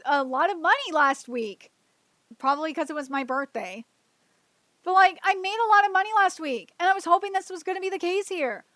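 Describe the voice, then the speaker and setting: Woman, very high voice, emotional, frustrated, repetitive, swears, dry close sound. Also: pushed and bright, no room sound. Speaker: streamer hosting her own show. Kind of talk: solo livestream venting.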